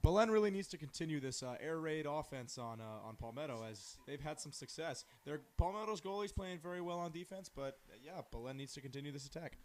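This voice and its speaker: A high school boy with a slightly high voice sums up the game for a student broadcast. He speaks in a halting way and fills his pauses with ums and uhs. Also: expressive, a little mellow, a little hiss or hum. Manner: halting, with many filler pauses. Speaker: guest commentator. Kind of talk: student sports broadcast commentary.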